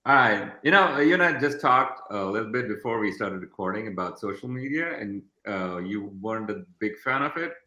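A man's voice: on the low side, animated, normal speed, hardly any pauses, sharp tone, highs cut off. A man co-hosting a podcast, easygoing and jokey as he asks his questions, recorded with a roomy echo. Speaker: podcast co-host. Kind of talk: casual podcast chat.

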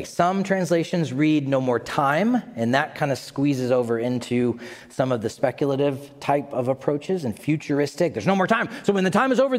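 A man preaching a sermon to a congregation, animated and dramatic, with asides to his listeners. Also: on the high side, big-room sound. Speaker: pastor.

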